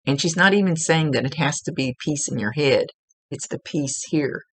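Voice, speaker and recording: Woman medium, gravelly voice, gentle instructive tone, casual reading with asides. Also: low voice, moderate pace. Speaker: psychic medium. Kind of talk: casual spoken reading to a client.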